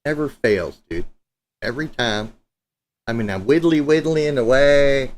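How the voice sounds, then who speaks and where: A man's voice: mid-range voice, unhurried, heavy background noise. A man hosting a live guitar stream, chatting loosely and joking with viewers, with a few profane asides. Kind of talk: casual live-stream chat. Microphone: streaming setup mic.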